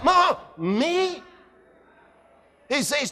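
A man preaching a sermon dramatically, swinging from shouts to quiet and acting out scenes. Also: very high voice, big pitch swings, takes it slowly, long pauses. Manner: dramatic, shouting at peaks then dropping quiet, acts out scenes. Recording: echoey hall.

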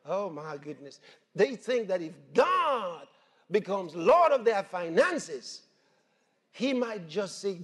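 A man preaching a sermon in an animated way, laughing and raising his voice to shouts. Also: sits high, vocal fry, slightly rough. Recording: long hall reverb with faint music.

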